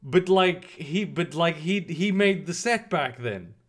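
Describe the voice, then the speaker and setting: Here a man streams live, reading the news and replying to chat in casual commentary that's rambling, profane, and exasperated, with frequent restarts. His voice sits on the high side, expressive, and he takes his time.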